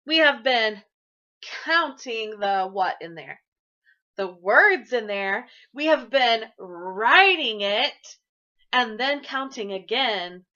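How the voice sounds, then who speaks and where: A woman teaches young children in a bright, high voice that leaps up and down. She talks slowly and encourages warmly. The recording sounds a bit dull. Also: big pitch swings. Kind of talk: early-grade classroom lesson to camera. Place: classroom.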